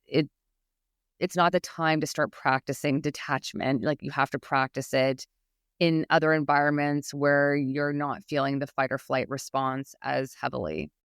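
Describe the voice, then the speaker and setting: A woman's voice: sits low, level tone, moderate pace, clear, resonant tone, dry recording, clean studio sound. Earnest, encouraging woman guest. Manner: earnest, encouraging, with frequent restarts. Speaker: guest expert on public speaking anxiety. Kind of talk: podcast interview.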